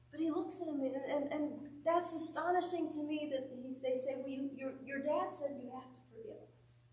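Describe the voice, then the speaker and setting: A woman teaching a Bible study in an echoey church room, caught from some distance. Her voice sits on the higher side. She reads scripture aloud and drives her points home with questions to the group.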